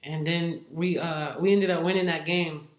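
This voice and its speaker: Woman coach chatting on an interview, animated storyteller, echoey room sound. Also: low voice, normal speed. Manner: animated, acts out what others said. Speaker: football head coach, guest.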